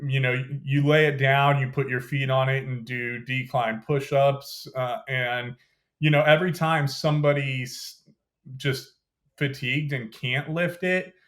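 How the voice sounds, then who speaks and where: A young adult man, a podcast guest, telling stories of his military training in a relaxed, detailed way, full of "you know" and "like.". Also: medium pitch. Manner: conversational, detailed, frequent "you know" and "like" fillers. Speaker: podcast guest, former Green Beret. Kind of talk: casual storytelling interview.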